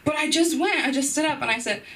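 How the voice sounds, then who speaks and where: A young woman doing a rambling stand-up set on a club stage, breaking off into loud impressions. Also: sits high, quick pace, far from the mic, slight background noise, rough recording. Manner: rambling, self-interrupting, bursts into shouted impressions. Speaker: stand-up comedian.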